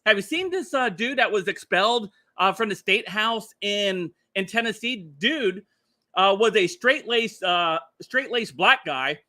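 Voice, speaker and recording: A man's voice: high-pitched, animated, a little slow, sharp tone. A middle-aged man hosting a casual commentary livestream, rambling and chuckling with lots of filler words. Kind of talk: casual political commentary stream.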